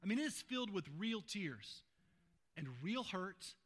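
Man, sermon, bright tense voice, informal preaching. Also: high-pitched, animated, measured pace. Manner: informal, asks "right?" to the listeners. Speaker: pastor. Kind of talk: conversational sermon.

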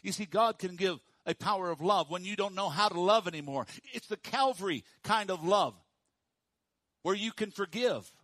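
A pastor preaching a sermon to his congregation, dropping to hushed, slow emphasis and rising to loud, high calls for the room to repeat after him. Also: no echo. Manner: swings from hushed low emphasis to loud high call-and-response.

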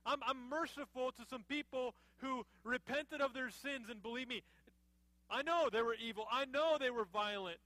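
A man's voice: extremely high pitch, normal speed, dry recording. A man preaching a sermon, voicing God as a patient, merciful questioner. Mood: patient questioning. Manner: gently probing, questioning.

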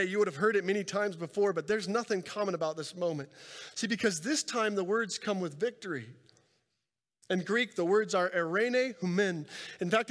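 A man's voice: high-pitched, fairly bright tone. A young man preaching a sermon as pastor, earnest and conversational, often restarting phrases and asking "right?". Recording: long hall reverb.

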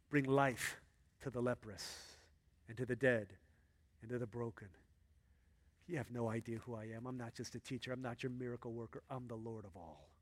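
A man preaching a sermon as pastor, acting out Bible characters in an excited voice and dropping low and hushed for earnest points. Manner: animated, acts out Bible characters in a high excited voice.

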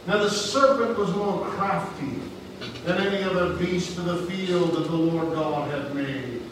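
A man preaching a sermon through a face mask, slow, deliberate and emphatic, stretching his key words. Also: sits high. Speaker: pastor. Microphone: speaking through a face mask. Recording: echoey hall, distant mic, hiss.

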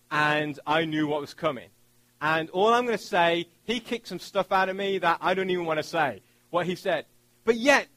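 A man's voice: high voice, a bit bright, no echo, rough recording. A man preaching a sermon as pastor, telling stories from childhood and joking with his congregation.

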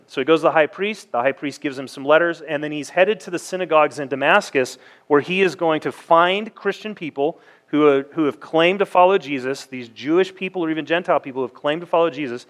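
A man's voice: a little high, fast talker. A man preaching a sermon, reading verses aloud and explaining them in a conversational way, asking the congregation rhetorical questions. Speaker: pastor.

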